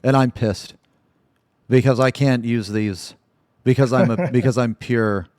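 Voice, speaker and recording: An American man hosting a casual interview over a call, excitable and cursing often. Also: mid-range voice, a little slow, dry recording, studio quality. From United States. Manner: profane, excitable, swears often. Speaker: interviewer, host.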